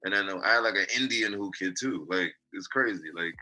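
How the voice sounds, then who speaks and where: New dj guy, low and really punchy, casual, swears a lot. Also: brisk, low-quality recording. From New York. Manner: animated, swearing, offhand. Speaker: guest DJ. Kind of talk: casual storytelling chat.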